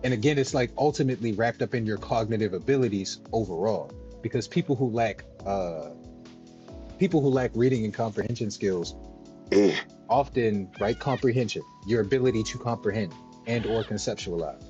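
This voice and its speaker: A man's voice: on the low side, normal speed, mellow, highs cut off, soft background music. A male gaming streamer talking loosely and explaining at length, often checking in with "right?". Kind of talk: livestream commentary while gaming.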